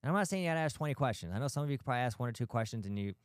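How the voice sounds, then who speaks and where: A man's voice: medium pitch, animated, rapid-fire, clear, resonant tone, no room sound, studio quality. A man hosting a talk for healthcare practice owners, blunt and emphatic, firing off rhetorical questions and the odd swear word. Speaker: podcast host, physical therapist.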